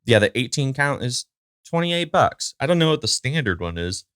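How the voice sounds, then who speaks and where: A man's voice: mid-range voice, very animated, moderate pace, fairly bright tone, clean tone, dry recording, clean studio sound. A man hosting his own podcast at home, talking casually from a chair in front of a camera, rambling with lots of fillers and side remarks to his dog. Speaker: podcast host. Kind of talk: casual solo chat. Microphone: recording to a camera.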